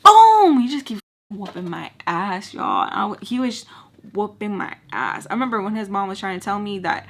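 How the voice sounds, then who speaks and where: A woman's voice: medium pitch, expressive, normal speed. A young woman vlogger chatting to her viewers, casual and blunt, with free swearing. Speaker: storytime vlogger. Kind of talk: casual storytime while doing makeup.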